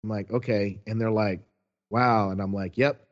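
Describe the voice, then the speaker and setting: A man telling a long story in a casual, animated way, quoting people as he goes. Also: on the low side, normal speed, highs cut off.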